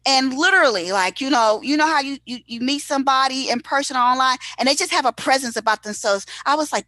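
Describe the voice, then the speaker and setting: A woman's voice: sits high, animated, fairly quick, hardly any pauses, sharp tone, no room sound. A woman hosting a show, introducing the next performer with effusive enthusiasm over a video call. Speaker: host. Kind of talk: casual introduction.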